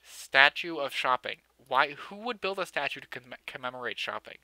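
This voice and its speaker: A young man talks through his city-building game in a loose, joking way, full of dry sarcasm and jabs at himself. His voice is very bright and tight. The sound is dry and close, with no room around it. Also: medium pitch, animated, normal speed, no echo. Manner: joking, sarcastic, self-mocking, often laughing. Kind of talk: casual let's-play commentary.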